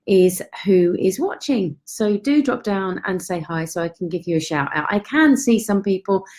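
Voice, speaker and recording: A woman's voice: mid-range voice, a little mellow. A woman hosting a casual live stream from home on her phone, chatty and a little self-deprecating. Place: at home, in York.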